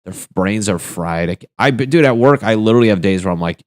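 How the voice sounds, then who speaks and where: A young man with a low, deep voice riffs through a crude solo comedy rant, chuckling at his own lines. The sound is dry and close, with no room echo. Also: lively intonation, quick pace. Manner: crude, rambling, laughs at his own jokes. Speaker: podcast host.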